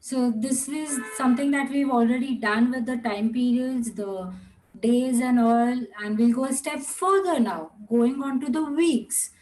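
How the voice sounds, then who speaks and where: A young woman teaching an online class, repeating words slowly and patiently and slipping into another language now and then. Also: high-pitched, darkish tone, slight background noise, poor audio.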